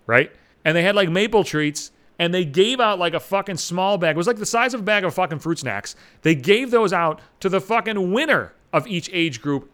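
Animated, foul-mouthed male podcaster. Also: clean tone. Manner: rants with heavy swearing, animated swings in pitch. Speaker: podcast host. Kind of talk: profane comic monologue.

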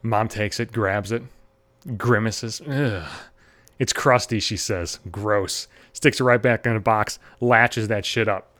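A man's voice: on the low side, slow pace. A man in his thirties telling a long self-deprecating anecdote, swearing constantly and acting out the people in it. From Buffalo area, US. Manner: self-deprecating, heavy swearing, animated acted-out quotes. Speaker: stand-up comedian. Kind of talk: profane anecdotal storytelling.

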